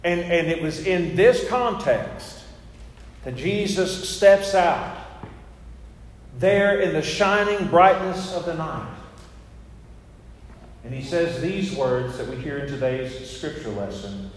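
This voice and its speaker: A man's voice: on the high side, slow. A male pastor giving a chatty, storytelling sermon with self-mocking asides. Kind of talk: conversational sermon. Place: church sanctuary. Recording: echoey church hall with faint noise.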